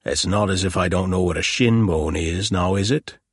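A man's voice: deep voice, normal speed, gravelly, slightly rough, no echo, studio quality, exaggerated voice. A man voicing a sour, aging village police sergeant who growls and talks down to people. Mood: gruff, sarcastic. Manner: growling, dismissive and sarcastic.

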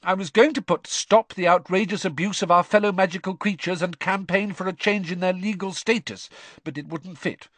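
A man doing a brisk, bossy teenage girl. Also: high voice, fairly bright tone, dry recording, pitched above the performer's own voice. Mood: earnest. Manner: brisk, insistent, lecturing.

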